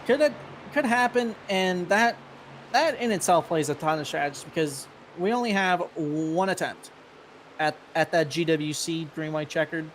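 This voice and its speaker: A man who drives in the series, giving color commentary on a live race in an explanatory, halting way. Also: fairly high pitch, fairly bright tone, a little hiss or hum.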